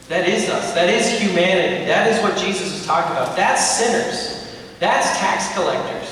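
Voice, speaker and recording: Animated young pastor in echoey church. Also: male voice, fairly high pitch, far from the mic, a little hiss or hum. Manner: animated storytelling with playful asides to the congregation. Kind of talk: sermon. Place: church sanctuary.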